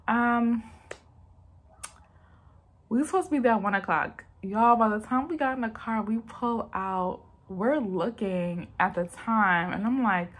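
A woman's voice: mid-range voice, measured pace. A young woman, chatting to viewers in a storytime vlog and acting out the quotes. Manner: chatty, addresses viewers as y'all, acts out quotes. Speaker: vlogger telling a story. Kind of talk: casual storytime chat.

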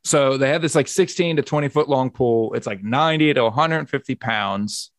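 A man's voice: medium pitch, normal speed, no room sound, clean studio sound. A man hosting a podcast in casual chat, rambling and often restarting his sentences. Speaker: podcast host.

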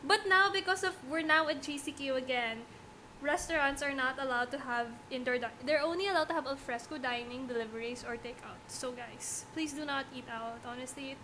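A woman's voice: high voice, brisk, sharp tone, a little hiss or hum. A young woman co-hosting a casual podcast, earnest and pleading with listeners. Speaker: podcast co-host. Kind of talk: casual chat.

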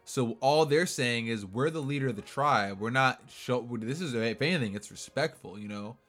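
A man in his twenties in casual, profane banter with a friend, laughing often and getting loud. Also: mid-range voice, moderate pace. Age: 20s. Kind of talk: casual chat.

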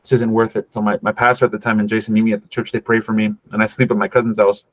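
A man's voice: lowish voice, racing, no room sound. California guy telling his testimony on a podcast, talks casual like dude and man, acts out what everyone said, kinda muffled dry sound. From California, USA. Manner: animated storyteller who acts out quoted dialogue, casual with "dude" and "man". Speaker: podcast guest. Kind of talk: personal faith testimony told as a story. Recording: dull dry podcast audio.

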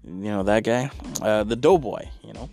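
A man's voice: lowish voice, normal speed, darkish tone, faint music behind. A man performing a stand-up comedy routine, with exasperated rants and big vocal swings.

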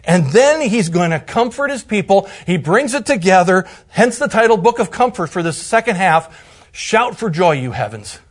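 A man teaching through a Bible passage in a conversational way, sometimes dropping to a soft hush for emphasis. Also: high voice, sing-song, moderate pace.

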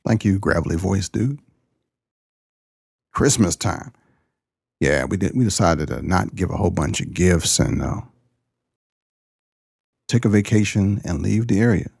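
A man hosting his podcast, a pastor talking in a casual, folksy, jokey way, with sudden jumps up in pitch. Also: expressive, measured pace, vocal fry, long pauses, a little mellow, breathy edge, no room sound, studio quality. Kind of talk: casual chat.

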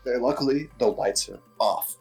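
A young man tells a story in an easygoing chat, with a slightly husky voice. He acts out the people he quotes and laughs as he goes, while faint music plays underneath. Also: mid-range voice, moderate pace, a little mellow.

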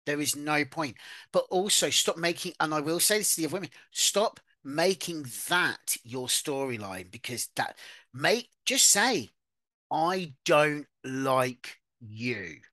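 Co-host, expressive chatty gossip, dry close mic. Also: medium pitch, normal speed, no echo. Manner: animated, swearing, gossipy storytelling. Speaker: podcast co-host. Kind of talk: casual chat.

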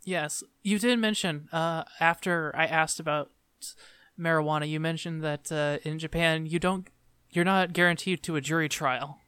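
A man's voice: fairly high pitch, steady tone, moderate pace, bright, forceful tone, clear, resonant tone, dry recording. A man co-hosting a podcast, casually complaining with exasperation. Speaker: podcast co-host. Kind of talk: casual chat.

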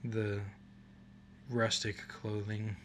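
A man's voice: on the low side, monotone, drawn-out words, slight background noise. A man co-hosting a casual podcast, chatting playfully and joking with mock-dramatic asides. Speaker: podcast co-host. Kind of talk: casual chat.

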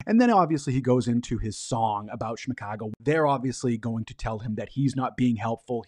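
A man's voice: medium pitch, no room sound. Enthusiastic man recapping a TV episode. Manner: enthusiastic, acts out quoted lines in animated bursts. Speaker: podcast host.

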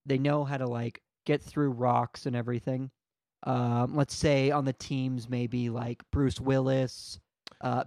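A man co-hosting a casual podcast, asking joking questions in a playful, deadpan way. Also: medium pitch, no echo, studio quality. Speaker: podcast co-host.

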